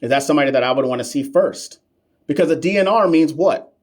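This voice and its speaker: A man's voice: on the high side, fast. A man tutoring nursing exam questions on a live stream, playful and sassy, talking back to viewers' comments with slang and repeated emphasis. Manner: slang-heavy, emphatic repetition.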